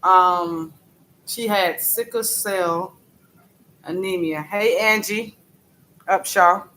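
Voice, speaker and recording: A man chatting on a live stream, telling a story haltingly, repeating phrases and greeting viewers by name. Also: sits high, sharp tone, poor audio. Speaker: livestreamer. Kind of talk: casual live-stream talk.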